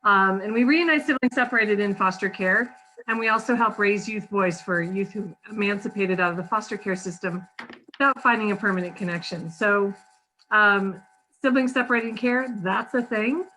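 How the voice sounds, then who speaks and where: A woman's voice: mid-range voice, moderate pace, sharp tone, slight background noise, rough recording. A woman, founder of a charity, giving a short earnest upbeat talk to a comedy audience, with frequent ums. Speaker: charity founder and guest speaker.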